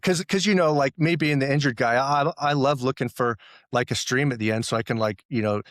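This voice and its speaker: A man's voice: medium pitch, brisk, no echo, clean studio sound. Chatty male guest telling stories. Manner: storytelling, quotes his own thoughts, laughs often. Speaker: podcast guest, runner. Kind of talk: casual interview chat.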